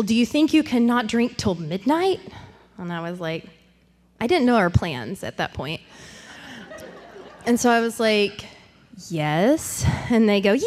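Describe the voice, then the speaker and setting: A woman's voice: on the high side, long reverb tail, a little hiss or hum. A woman sharing her recovery story in a candid, self-deprecating way, laughing often and acting out what others said. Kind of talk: storytelling talk.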